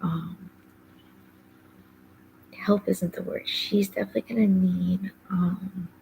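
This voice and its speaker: A podcast host speaks slowly and flatly in a fairly low, warm voice with vocal fry. Her casual personal monologue wanders, thick with fillers such as "like" and "um," and she frequently drops into a whispery undertone. The audio is poor, with a little hiss or hum.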